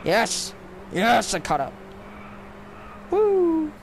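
Slow-talking sarcastic male gamer. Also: a little high. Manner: sarcastic, grumbling at the game. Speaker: gameplay commentator. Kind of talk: casual let's-play commentary. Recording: clear background noise with game car sounds.

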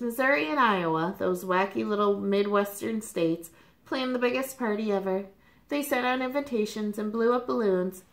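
A woman reading a children's picture book aloud with animated, expressive storytelling, in the manner of a teacher. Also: mid-range voice, creaky. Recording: roomy echo.

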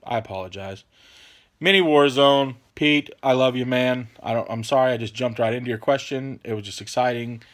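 A man hosting a casual vlog Q&A. He talks in a relaxed, rambling way and apologizes often. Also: medium pitch, moderate pace. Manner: laid-back, rambling, apologetic, peppers talk with "man". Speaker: channel host answering viewer questions.

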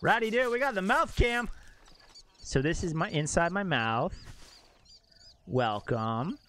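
A young man streaming a game live, reacting out loud, exclaiming and swearing as he talks to his chat. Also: high voice, expressive, slow. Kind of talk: live gameplay commentary.

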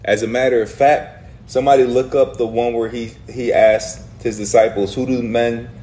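A man leading a lively Bible study discussion, speaking emphatically and casually, reading verses aloud and acting out the prophets' words. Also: mid-range voice, moderate pace.

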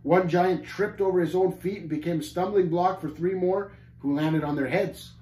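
Storyteller: a man with a slightly high voice narrating in a roomy church hall. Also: normal speed. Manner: lively dramatic narration. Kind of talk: storybook reading aloud.

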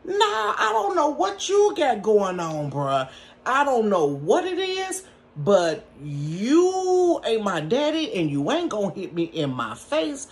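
Woman in her bedroom telling a story, animated, laughing, dramatic asides, very lively pitch. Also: takes it slowly. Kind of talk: casual storytime.

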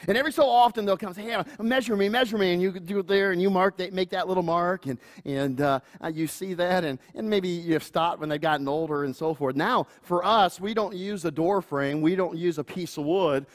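A middle-aged man, the pastor, preaching a sermon earnestly, with playful asides and chuckles and acting out family members in a higher voice. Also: brisk, hardly any pauses. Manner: acts out quoted family voices in higher pitch.

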